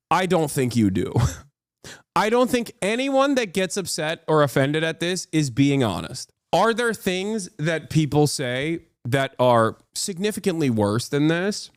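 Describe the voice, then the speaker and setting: A man's voice: medium pitch, a little mellow, clear, resonant tone, no room sound, clean studio sound. A man giving heated, profane political commentary on a live stream.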